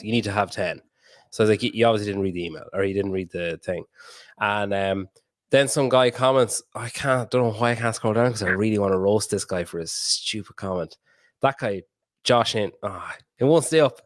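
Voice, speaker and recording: A man's voice: on the low side, no room sound, studio quality. A man hosting a podcast interview over a video call, chatty and laughing often, with casual swearing. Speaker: podcast host.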